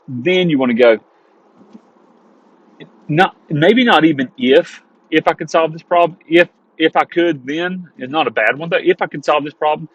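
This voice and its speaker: Male coach, husky voice, punchy repetitive delivery, dull dry recording. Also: fairly high pitch, moderate pace, no echo. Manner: emphatic, repeats phrases, addresses listeners as guys. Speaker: sales coaching teacher. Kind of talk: energetic teaching monologue.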